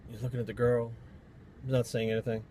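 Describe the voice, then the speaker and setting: A man's voice: mid-range voice, flat delivery, fast talker, dark tone, slight background noise. A man from Rhode Island, a fitness trainer, telling stories in a blunt, profane, rambling vlog rant.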